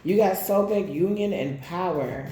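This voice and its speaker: Unhurried and warm, a woman with a fairly low voice does a casual tarot reading, calling each card out bluntly and swearing often. The room gives her a roomy echo, with faint noise in the background.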